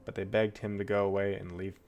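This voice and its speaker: Low-voiced man casually reading scripture. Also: level tone, brisk, a little mellow, a little hiss or hum. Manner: chatty, loose asides, chuckles at the text. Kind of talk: casual Bible reading with commentary.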